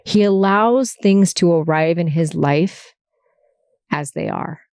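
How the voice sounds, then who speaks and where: A woman's voice: fairly low pitch, takes it slowly, darkish tone, smooth, no room sound, clean studio sound. A middle-aged woman hosting her podcast, telling a personal story in a candid, chatty way with small laughs and restarts. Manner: candid, chatty, frequent laughs and self-corrections. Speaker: podcast host. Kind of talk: emotional personal monologue. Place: parked car.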